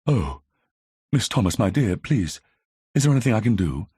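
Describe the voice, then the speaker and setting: A man's voice: lowish voice, very animated, moderate pace, dark tone, breathy edge, dry recording, clean studio sound, pitched above the performer's own voice, full character voice. A man voicing a tactful, genteel young woman. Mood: earnest. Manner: polite, delicate, encouraging. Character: tactful young vicar's daughter, genteel sleuth. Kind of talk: audiobook character voicing.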